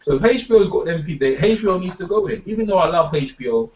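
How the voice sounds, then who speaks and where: A man's voice: sits high, expressive, fast, a little mellow, far from the mic. A man, hosting a boxing talk stream and ranting heatedly, profane and emphatic, repeating words as he gets worked up. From England. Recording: dull lo-fi sound, off mic.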